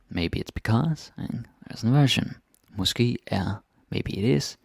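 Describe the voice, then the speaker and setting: A man teaching grammar in a relaxed, chatty way, often checking in with the listener. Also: mid-range voice, measured pace, vocal fry, no echo, studio quality. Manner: relaxed, chatty, keeps asking "right?". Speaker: Danish language teacher. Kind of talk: casual grammar lesson.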